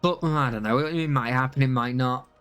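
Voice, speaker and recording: A man's voice: medium pitch, a little fast, a bit bright, smooth, soft background music. A young man chatting casually on a live stream, rambling with many fillers and restarts.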